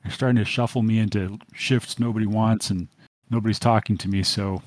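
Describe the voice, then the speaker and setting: A man's voice: on the low side, fairly even intonation, a little fast, no echo, close to an everyday voice. A man voicing a weary male police officer who talks bluntly and plainly. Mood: worried. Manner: plain, matter-of-fact.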